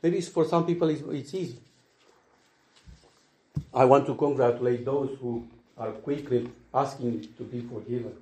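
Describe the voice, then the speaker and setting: A man preaching a sermon earnestly, swinging between loud emphasis and hushed asides. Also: mid-range voice, normal speed, pauses often. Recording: echoey room.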